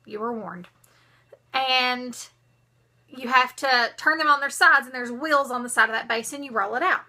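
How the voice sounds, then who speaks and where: A young woman, telling a story to her vlog viewers in a dramatic, animated way. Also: sits high, normal speed. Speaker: vlogger.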